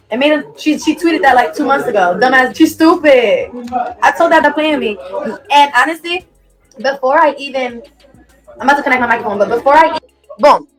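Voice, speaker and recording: In a played clip, a singer defends herself in an angry, casual rant, heated and repetitive and swearing freely as she tells her side. Her voice sits high, and the recording is low quality.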